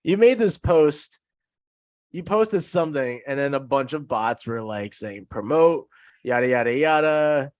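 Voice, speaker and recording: A man's voice: medium pitch, unhurried, a little mellow, no room sound, studio quality. A man as a podcast guest in casual chat, laid-back and rambling, often laughing.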